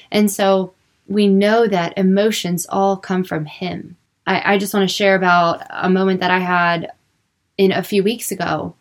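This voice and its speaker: A young woman speaking earnestly about faith and emotions in a personal, unscripted way, with lots of filler words. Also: medium pitch. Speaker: Christian speaker.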